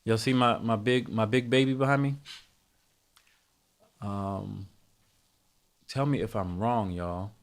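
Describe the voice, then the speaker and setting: A man's voice: fairly low pitch, fairly even intonation, takes it slowly, pauses often. A man hosting a live music production tutorial, talking casually to his chat, thinking aloud and correcting himself as he goes.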